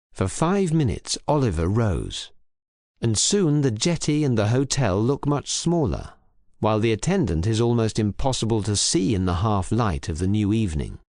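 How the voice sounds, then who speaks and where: A man reading a crime story aloud in clear, measured narration for English learners. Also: on the low side, a little mellow, no echo, clean studio sound. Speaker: audiobook reader.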